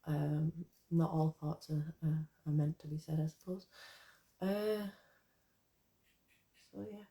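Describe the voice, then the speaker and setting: A woman's voice: low-pitched, takes it slowly, warm tone. A woman poet chatting casually to her viewers, rambling and swearing, then reading her own poem aloud. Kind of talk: casual live chat and poetry reading.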